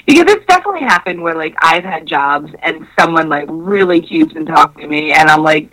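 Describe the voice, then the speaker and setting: A young woman telling a story in casual chat, animated and swearing, acting out the voices in her quotes. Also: low-pitched, fairly quick, few pauses, low-quality recording.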